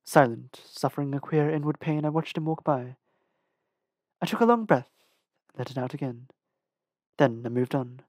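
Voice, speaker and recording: An audiobook reader narrating a novel in a measured, careful way, with the occasional small restart. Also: medium pitch, a little mellow, dry recording, studio quality. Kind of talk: storybook narration.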